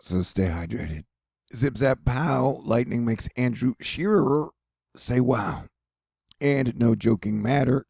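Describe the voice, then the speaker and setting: Gravelly, husky man joking through weather news. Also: medium pitch, dark tone, no room sound, studio quality. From United States. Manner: joking, rambling, affectionate toward viewers. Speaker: weather vlogger. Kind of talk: casual weather update monologue.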